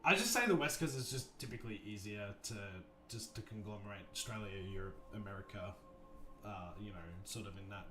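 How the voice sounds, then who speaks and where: A man hosting a livestream, chatting casually and thinking out loud, restarting his sentences often. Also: lowish voice, brisk, noisy background. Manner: rambling, thoughtful, many restarts and fillers. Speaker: livestream host. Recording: roomy echo, faint music behind.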